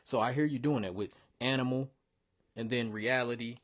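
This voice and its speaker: A man in a middle pitch range talks through rap verses in a loose, casual way. He is blunt and emphatic, drops slang and curses, and coaches like a host critiquing a submission. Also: steady tone, normal speed, very noisy.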